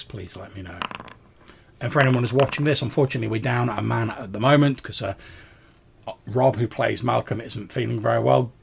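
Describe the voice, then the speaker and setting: A man's voice: mid-range voice, gravelly, slight background noise. A man narrating a tabletop game as game master, rambling through descriptions full of fillers.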